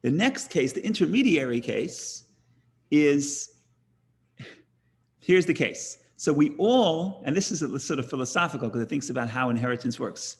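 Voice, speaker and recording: A man's voice: on the high side, animated, normal speed. A middle-aged man giving an informal Talmud lecture, talking conversationally with frequent restarts and acting out the people in his examples. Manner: conversational, many restarts, acts out quoted voices. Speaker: rabbi teaching Talmud class.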